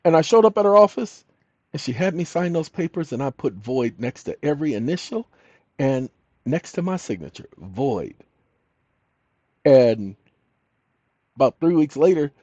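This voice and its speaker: A man's voice: fairly high pitch, very animated, normal speed, long pauses, darkish tone, dry recording. An older man telling a story as a channel host, emphatic and repeating his key lines. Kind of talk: storytelling monologue. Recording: dull lo-fi audio.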